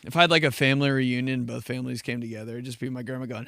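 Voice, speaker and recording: A man's voice: mid-range voice, steady tone, very fast, gravelly, hardly any pauses, sharp tone, no room sound, clean studio sound. A man hosting a casual solo podcast, telling stories in a laid-back, profane way with frequent laughs. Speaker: podcast host.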